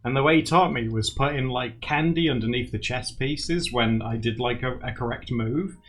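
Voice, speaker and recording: A man's voice: mid-range voice, normal speed. A young man livestreaming to viewers in casual, rambling chat. He laughs often and acts out quotes. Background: faint music.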